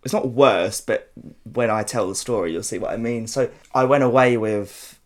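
A man's voice: mid-range voice, normal speed. A man from South London with a South London accent, telling stories in a swearing, laughing podcast chat. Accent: South London English. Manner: chatty, swears a lot, laughs often. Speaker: podcast host. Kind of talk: casual storytelling chat.

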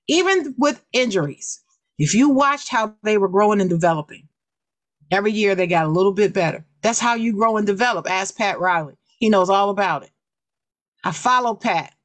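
A woman's voice: medium pitch, dry recording. Woman cohost going off on a rant, real emphatic, dry close sound. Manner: emphatic, fired-up ranting. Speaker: co-host. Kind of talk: opinionated podcast talk.

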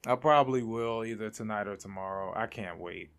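A young man hosting a casual solo podcast, excitable and rambling, laughing often and restarting his sentences. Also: lowish voice, moderate pace, gravelly, few pauses. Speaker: podcast host.

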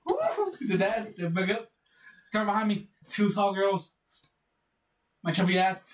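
A man chatting casually with friends, excitable, laughing loudly and jumping in. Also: high voice, unhurried, roomy sound. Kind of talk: casual chat among friends. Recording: distant mic with faint noise.

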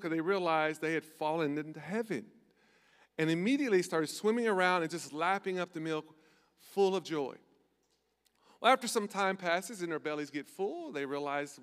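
Brief: male pastor, slightly high voice, casual jokey preaching, long reverb of a big church hall. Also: fairly bright tone, clear, resonant tone. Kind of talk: sermon. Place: large church auditorium.

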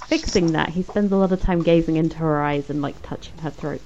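A woman's voice: sits low, brisk, darkish tone. Chatty laughing woman recapping, lo-fi. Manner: chatty, laughing, acts out characters' lines. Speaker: podcast co-host. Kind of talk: casual episode recap chat. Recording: dull lo-fi sound with faint noise.

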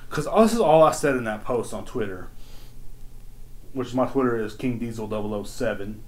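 A man ranting alone into his podcast mic, crude and full of swearing. He rambles from one gripe to the next. His voice jumps between loud, excited bursts and low, half-swallowed mutters. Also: normal speed. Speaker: podcast host. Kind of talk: casual solo podcast rant.

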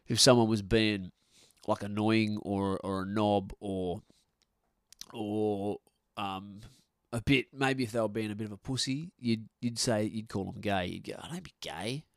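A middle-aged man riffs on his podcast, his low voice gravelly with fry. He talks bluntly and swears freely, circling back and restarting his sentences. His voice is dry and close. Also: steady tone, a little slow, dry recording. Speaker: podcast host. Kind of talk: casual podcast rant. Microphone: podcast microphone.

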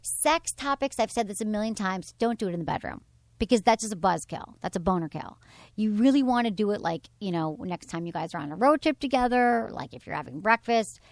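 A woman's voice: medium pitch, brisk, no room sound. A woman hosting a sex and dating advice talk show, speaking frankly and with animation. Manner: frank, animated, reads from her blog. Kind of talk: casual advice chat.

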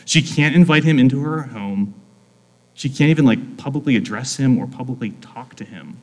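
A man's voice: mid-range voice, normal speed, a little mellow, in a large hall, poor audio. A man preaching a conversational sermon in an earnest, informal way, often saying "like". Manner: earnest, informal, frequent "like" fillers. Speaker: pastor.

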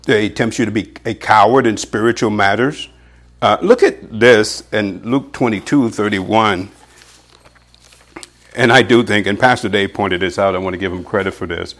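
A man preaching a sermon in an animated way, with chuckles and measured scripture readings. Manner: animated, pitch jumps for emphasis, chuckles often; reads scripture aloud in an old-fashioned, measured cadence.

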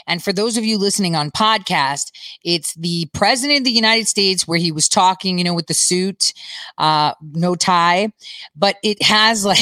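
A woman's voice: on the low side, normal speed, sharp tone, no echo. A middle-aged woman hosting a podcast, giving rambling, chatty political commentary and laughing often. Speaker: podcast host.

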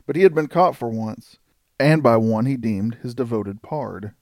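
Gravelly male audiobook narrator. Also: mid-range voice, unhurried, no room sound, studio quality. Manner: steady, even reading.

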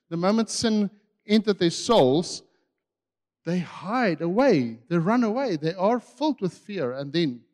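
A man preaching a sermon with passion, swinging between loud and hushed. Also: sits high, big-room sound.

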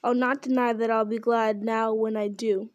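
A gruff, hearty old farmer, as a woman reads him aloud, calling out bluntly with a rustic bluntness and a raised voice. Her reading voice sits a little high for a woman, and the farmer keeps that lightness under the bluster. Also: level tone, moderate pace, no echo, lo-fi sound, natural voice.

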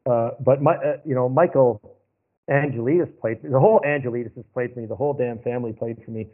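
A man's voice: medium pitch, fairly quick. Male guest, casual anecdotal storyteller, thin phone-line sound. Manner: rambling, anecdotal, repeats himself. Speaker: podcast guest.

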